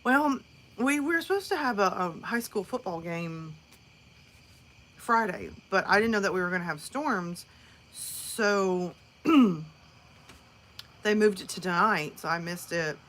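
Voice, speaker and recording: A woman's voice: medium pitch, animated, unhurried, long pauses, a bit bright. A woman from northern Alabama with a Southern American accent, chatting casually and rambling with viewers on a live stream, laughing often. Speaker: livestream host.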